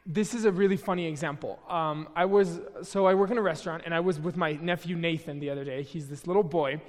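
A man's voice: on the high side, steady tone, fast, big-room sound. A young man giving a casual, conversational sermon at a church, chatty and self-deprecating, with frequent restarts. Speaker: preacher. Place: church hall.

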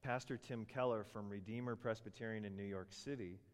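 A middle-aged man preaching a sermon, telling stories with animated asides and funny voices for characters. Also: on the low side, a little fast. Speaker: pastor. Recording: long reverb of a large hall.

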